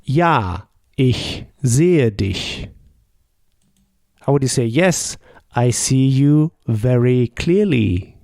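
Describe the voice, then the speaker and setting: A man leads an unhurried language lesson, pausing after each prompt before modelling the answer. His voice is mellow and has a gravelly edge. The recording is dry and close, with no room sound. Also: medium pitch, animated, no echo. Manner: explains slowly and patiently, models each answer. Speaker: German language teacher. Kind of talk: slow, patient language lesson with pauses for the listener.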